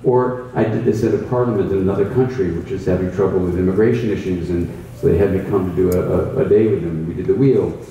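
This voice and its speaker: A man with a low, dark, mellow voice explains a contemplative practice and tells stories from his workshops. His delivery is thoughtful and emphatic. He sits some way from the mic in a very echoey room with faint ambient noise. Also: fast talker, hardly any pauses, lo-fi sound. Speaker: mindfulness teacher. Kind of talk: reflective conversational explanation. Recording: roomy echo, distant mic, faint ambience.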